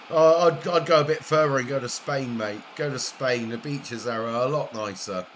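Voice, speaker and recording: A middle-aged Welsh man chatting and joking with viewers during a live-streamed game, with a relaxed, teasing manner. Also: medium pitch, measured pace, slight background noise. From Wales. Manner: chatty, jokey banter with viewers, frequent laughs. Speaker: gaming streamer. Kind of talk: casual live-stream chat while gaming.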